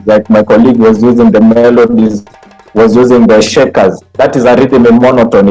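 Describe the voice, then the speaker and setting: A man leads an online training for music teachers, explaining note values step by step. He chants rhythm syllables to show each beat, in a voice of middling pitch, speaking into a computer mic. Faint music plays behind him. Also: a little mellow, low-quality recording. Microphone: computer mic on a video call.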